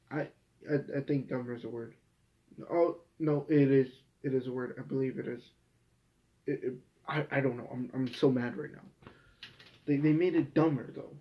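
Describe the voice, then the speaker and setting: A young man hosting a casual review show, ranting in an exasperated, profane way. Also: fairly high pitch. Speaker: host. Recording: dull lo-fi home recording.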